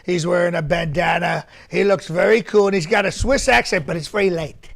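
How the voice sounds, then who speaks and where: Male comedian doing a rambling, self-praising older politician; high, gravelly delivery. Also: fairly quick, fairly bright tone, full character voice. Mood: boastful. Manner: bragging, repetitive, rambling asides. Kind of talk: live-stream comedy press conference.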